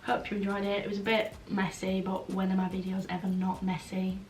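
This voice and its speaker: A woman's voice: mid-range voice, completely flat delivery, brisk. A blunt young Englishwoman chats through viewer questions with easy frankness, peppering her talk with "like". Her voice sits in a middle register. It sounds roomy and a touch distant, with a faint hiss behind it. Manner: frank, blunt, chatty, many "like" fillers. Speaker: vlogger. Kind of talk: casual chatty Q&A. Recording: roomy, slightly distant, faint background noise.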